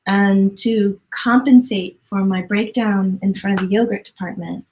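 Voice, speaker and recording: A woman hosts a relaxed interview and tells her stories with animated, expressive energy. Her voice sits at an ordinary middle pitch. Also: measured pace, low-quality recording. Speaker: podcast host. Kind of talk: conversational interview.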